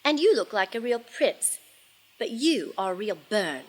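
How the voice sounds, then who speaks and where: A woman's voice: medium pitch, big pitch swings, measured pace. A woman voicing a brave, spunky young princess in a storybook reading, speaking boldly and emphatically. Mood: scornful. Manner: bold, emphatic exclamations.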